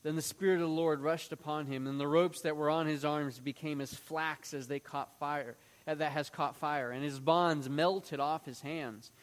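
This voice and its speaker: A man's voice: fairly high pitch, fairly even intonation, moderate pace, hardly any pauses, smooth, in a large hall. A man teaching through a Bible passage, reading it aloud and acting out the quoted lines in a raised voice.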